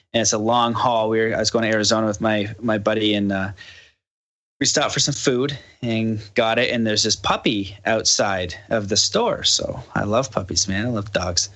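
A man's voice: lowish voice, normal speed. A man, a podcast guest, telling a story in casual chat and animatedly acting out the dialogue. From Canada. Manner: animated, acts out quoted dialogue.

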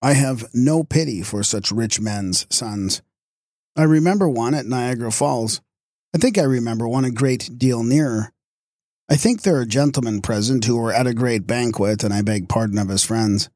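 A man's voice: medium pitch, normal speed, a little mellow, dry recording, studio quality. A man giving an oratorical lecture, telling scornful anecdotes with acted-out voices. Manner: sardonic, declamatory, scornful asides.

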